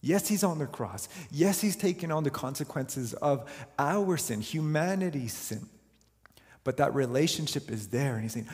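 A man preaching a sermon as pastor, earnest and slowing down to dwell on key words. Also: a little high, lively intonation, a little mellow. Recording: long hall reverb.

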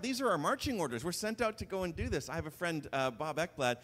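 A man preaching a sermon to his congregation, his slightly high voice carrying a long reverb through the hall. He tells scripture stories in an animated way and acts out the dialogue. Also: fast talker, few pauses, faint music behind. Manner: animated storytelling, acting out biblical dialogue.

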